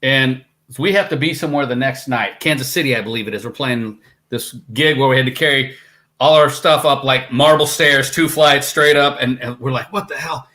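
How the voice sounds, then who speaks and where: Bright-voiced man telling crude road stories. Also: medium pitch, normal speed. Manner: swearing, animated storytelling that acts out quotes. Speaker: band member guest. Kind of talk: casual storytelling.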